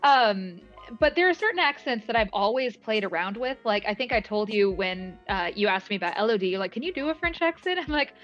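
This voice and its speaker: A woman's voice: medium pitch, expressive, a little fast, a bit bright. A woman voice actor talks casually in an interview, rambling with many fillers and short laughs. Her voice sits mid-range. The audio is slightly dull, with faint music underneath. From moved often, mainly Alaska. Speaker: voice actress guest.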